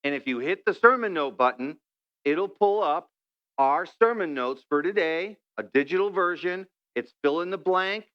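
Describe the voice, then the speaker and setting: A man with a high, smooth, resonant voice preaches a sermon to his church. He talks in a loose, conversational way and playfully acts out husbands and wives. The recording sounds somewhat dull and lo-fi. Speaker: pastor. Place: church sanctuary.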